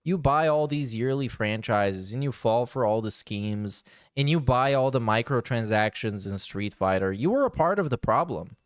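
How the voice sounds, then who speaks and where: A man's voice: medium pitch, lively intonation, normal speed, no echo, studio quality. A man hosting a podcast, giving blunt, sarcastic casual commentary on a clip. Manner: blunt, sarcastic, restarts often. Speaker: podcast host.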